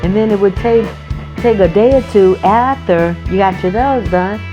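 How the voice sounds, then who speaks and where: A woman from North Carolina, USA, chats casually in her nail vlog, rambling through a story with restarts and self-corrections. Her mid-range voice moves at a moderate pace, the audio is dull, and guitar music plays in the background.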